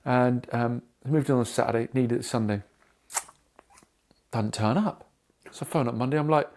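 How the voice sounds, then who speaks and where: A man's voice: mid-range voice, normal speed, pauses often. Sweary storytelling British man. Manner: swearing, animated storytelling with quoted dialogue. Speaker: podcast co-host. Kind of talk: casual chat.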